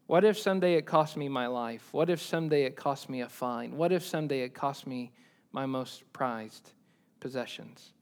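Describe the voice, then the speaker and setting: A man preaching a sermon as pastor, swinging between loud emphatic peaks and quiet low asides, repeating key lines for emphasis. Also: moderate pace, smooth.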